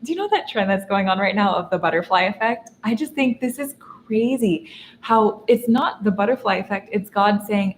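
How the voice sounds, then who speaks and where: A young woman coach teaching a masterclass, talking earnestly and telling animated stories with a laugh now and then. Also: medium pitch, a little fast, a little hiss or hum. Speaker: feminine energy coach. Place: in Dubai. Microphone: seated while teaching.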